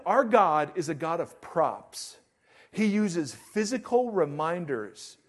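Male pastor, sermon, high-pitched voice, animated and joking delivery. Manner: animated, joking, reads scripture aloud.

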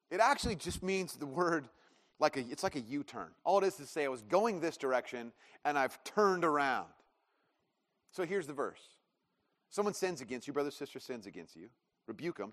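A man's voice: a little high, fairly bright tone. A man in his thirties preaching a sermon in a church, conversational and self-deprecating, acting out bits of dialogue. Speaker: pastor. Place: church auditorium. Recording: long reverb of a church hall.

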